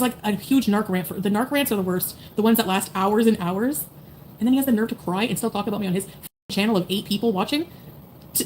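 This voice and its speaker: A woman's voice: mid-range voice, darkish tone, slight background noise. A woman in her thirties chatting casually to her viewers on a livestream, blunt and profane, rambling with lots of fillers. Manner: blunt, profane, rambling with many "like"s and "you know"s. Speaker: streamer talking to chat.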